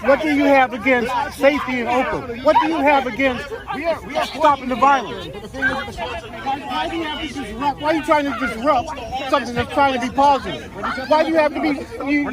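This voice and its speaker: A man's voice: extremely high pitch, moderate pace. A man at an outdoor street protest, insistently confronting someone with questions. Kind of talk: street argument. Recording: loud crowd at street protest.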